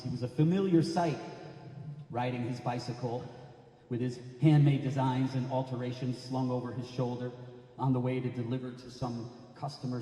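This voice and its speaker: A man in his fifties from Connecticut gives a dramatic live storytelling reading, switching between quiet asides and shouted bursts. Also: medium pitch. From Connecticut, USA. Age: 50s. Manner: animated, dramatic, shouts sudden bangs. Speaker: storyteller performer. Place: library hall. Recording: echoey library hall.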